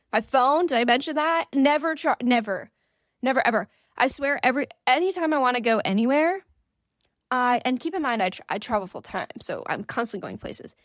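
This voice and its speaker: Chatty higher-voiced woman podcast host. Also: fairly bright tone, no echo, studio quality. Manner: chatty and playful, with sudden sing-song rises and quick asides. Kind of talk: casual solo podcast chat.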